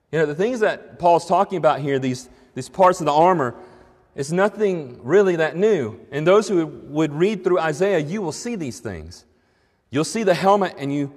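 A man preaching a sermon as pastor, speaking earnestly and slowing down to read scripture with emphasis. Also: a little high, long reverb tail. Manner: earnest preaching, slows and rises when reading scripture.

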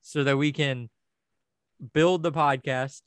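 A man's voice: mid-range voice, fairly even intonation, takes it slowly, smooth, dry recording. A man co-hosting a podcast in casual banter, ranting and joking with a lot of swearing. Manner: crude, joking rants with frequent swearing. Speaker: podcast co-host.

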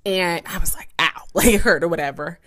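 A woman's voice: on the low side, a little fast. A young woman co-hosting a podcast, chatting casually and telling a story with lots of "like". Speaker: podcast co-host. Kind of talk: casual chat.

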